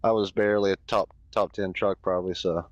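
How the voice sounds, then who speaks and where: A man, a racing driver, answering post-race questions in an easygoing, halting way. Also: low-pitched, fairly even intonation, no echo. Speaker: racing driver, third place. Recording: dull, dry lo-fi line.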